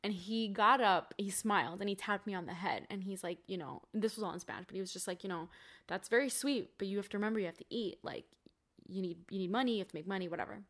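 A woman's voice: mid-range voice, fast, a bit bright. A woman in her twenties, a podcast guest telling a personal story in a chatty way with many fillers. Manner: chatty, many "like" fillers, quotes family in dialogue. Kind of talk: casual storytelling interview.

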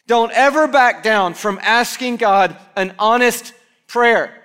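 High bright-voiced man preaching. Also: normal speed, clean tone. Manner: animated preaching, acting out quoted prayers. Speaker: pastor. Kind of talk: sermon. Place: church.

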